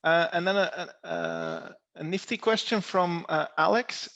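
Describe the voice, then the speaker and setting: Gravelly moderator man, hesitant. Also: sits high, a little slow, pushed and bright, muffled recording. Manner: hesitant, many "uh" fillers. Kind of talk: reading audience questions.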